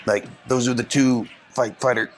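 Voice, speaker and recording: A man's voice: mid-range voice, fairly even intonation, moderate pace, a little hiss or hum, close to an everyday voice. A man playing a literal-minded, dim angel who makes sheepish, soothing excuses in an improvised comedy sketch. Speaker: podcast host in a comedy sketch.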